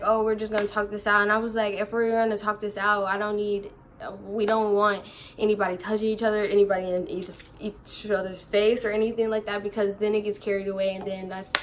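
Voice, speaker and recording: A young woman in her teens telling a storytime vlog in casual chat, animated, slangy and quick to laugh while she quotes others. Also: mid-range voice, a little hiss or hum. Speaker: vlogger.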